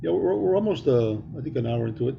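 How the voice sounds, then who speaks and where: A man's voice: medium pitch, lively intonation, fast talker, gravelly, muffled recording, noisy background. A middle-aged man co-hosting a podcast, telling a rambling story in casual chat. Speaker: podcast co-host.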